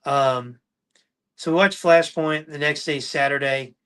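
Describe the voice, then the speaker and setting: Man, podcast host, casual storytelling, animated, slightly high voice, bright and forceful. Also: unhurried, clear, resonant tone. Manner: animated anecdotal storyteller, acts out quotes.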